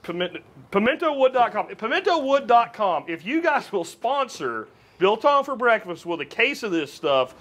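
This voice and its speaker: Lively, bright-voiced man. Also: high voice, moderate pace. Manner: jokey, laughs often, tells stories animatedly. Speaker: co-host of a cooking show. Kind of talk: casual banter while cooking.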